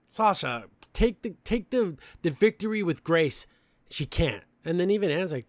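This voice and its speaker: A man's voice: a little high, expressive, normal speed, no echo. A young man hosting a podcast, recapping a cartoon episode in a chatty, opinionated way with lots of fillers. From Mexican family background. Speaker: podcast host.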